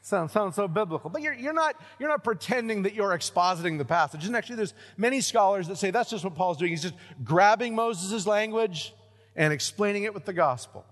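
A man preaching a sermon in a church sanctuary, his voice sitting high for a man. He is animated, pushing some lines out loud and emphatic, then dropping to hushed, low phrases. The sound carries a long reverb from the large hall. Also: brisk. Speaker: pastor.

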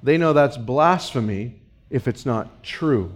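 A man preaching a sermon as pastor, pressing his points with emphatic repetition and dropping low and soft for quoted lines. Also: expressive, takes it slowly.

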